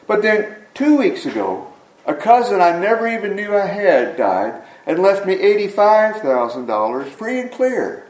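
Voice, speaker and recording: A man's voice: sits high, sing-song, measured pace, darkish tone, voice pushed up. A man voicing a miserable grown man who moans about his luck, in a raised complaining voice. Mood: moaning. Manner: mournful and complaining. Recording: echoey room, mic at a distance.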